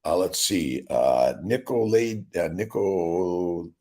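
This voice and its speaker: Man, middle-aged, low voice, doctor hosting a livestream, casual rambling, upbeat. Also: expressive, slow pace, dark tone. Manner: rambling and upbeat, greets viewers by name. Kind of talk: casual livestream chat reading viewer comments.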